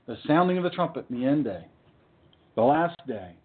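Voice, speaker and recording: A man preaching a sermon, fiery and emphatic, with dramatic pauses. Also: medium pitch, very animated. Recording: tinny phone-like sound.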